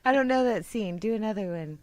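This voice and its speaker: Playful woman co-host, lively pitch. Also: fast talker, no room sound. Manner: playful, laughing often. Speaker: radio show co-host. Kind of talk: casual chat.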